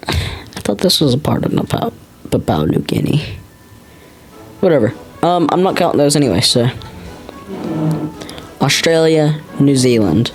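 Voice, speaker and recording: American guy naming countries on a map, slow and unsure, mutters names over, faint music behind. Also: on the high side, very animated, rough recording. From United States. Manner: unsure, thinks aloud, repeats names to himself. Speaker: geography vlogger. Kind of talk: casual commentary while labeling a map.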